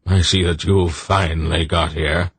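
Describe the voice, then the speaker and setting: A man's voice: low voice, fairly even intonation, a little slow, breathy edge, no room sound, exaggerated voice. A man voicing a shabby, defiant old man who speaks curtly and dryly. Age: older.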